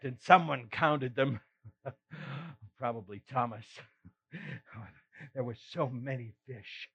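Fisherman peter telling his own story, a guy doing him, chuckles a lot, slow and drawn out, kinda dull lo-fi sound. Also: mid-range voice, a bit bright. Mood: tender. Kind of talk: first-person dramatic monologue.

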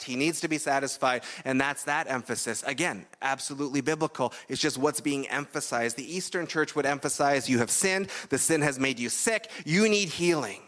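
A Canadian pastor preaches a conversational, explanatory sermon, often checking in with "right?". His voice is a little high and a bit bright.

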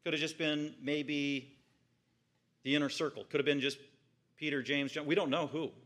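A man's voice: fairly high pitch, steady tone, moderate pace, a bit bright. A man preaching an expository sermon in church, reading scripture aloud and then explaining it with rising emphasis. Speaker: pastor.

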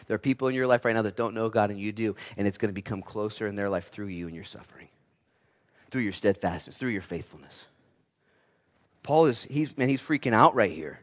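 Animated male preacher with dynamic delivery. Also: mid-range voice, quick pace. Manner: animated preaching, swinging between loud emphatic bursts and quiet asides; acts out voices in quoted lines. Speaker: pastor. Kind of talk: sermon.

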